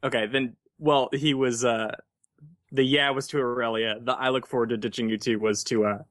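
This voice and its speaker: A man's voice: medium pitch, steady tone, moderate pace, fairly bright tone, dry recording, studio quality. A man playing a tabletop game, talking casually and matter-of-factly in and out of character. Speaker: player.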